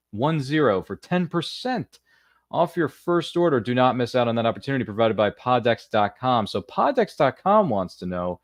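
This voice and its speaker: A man's voice: mid-range voice, no echo, studio quality. Upbeat man hosting a podcast. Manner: folksy, upbeat, rambling asides. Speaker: podcast host. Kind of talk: casual interview with ad reads.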